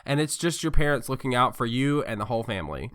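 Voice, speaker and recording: A man's voice: medium pitch, animated, fast, a bit bright. A man co-hosting a comedy podcast, telling rambling stories full of fillers in casual chat. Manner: rambling, filler-heavy storytelling. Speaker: podcast co-host.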